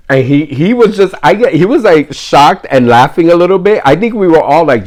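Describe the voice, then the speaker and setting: A man's voice: medium pitch, normal speed. Joking man telling a story. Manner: animated, joking, tangential; drops in Spanish words. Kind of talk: casual storytelling.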